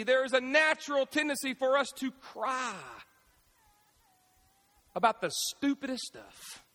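Animated preacher, man, sharp tone, lots of call-and-response, roomy church reverb. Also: very high voice. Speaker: pastor. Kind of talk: sermon. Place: church sanctuary. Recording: echoey church hall.

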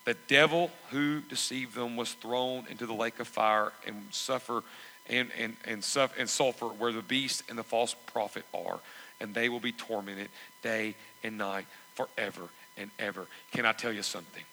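A man preaching a sermon, emphatic and repetitive, swelling into loud exhortations. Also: mid-range voice, steady tone, normal speed, big-room sound, slight background noise, poor audio. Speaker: pastor.

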